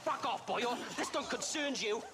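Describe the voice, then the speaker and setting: Taunting Welsh outlaw in a western game, high and sing-song, with outdoor noise behind. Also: male voice, animated, moderate pace. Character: sneering Welsh outlaw thug man.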